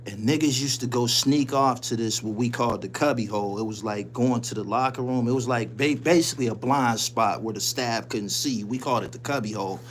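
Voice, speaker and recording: A man's voice: medium pitch, brisk, few pauses, slight background noise. A man hosting his channel, telling a story in casual, profane street slang and laughing often as he goes. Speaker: channel host.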